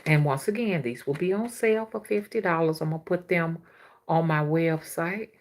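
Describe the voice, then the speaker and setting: A woman's voice: deep voice, moderate pace. A woman, hosting a casual livestream as a spiritual reader and chatting with viewers. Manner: chatty, laughs often, slangy and animated.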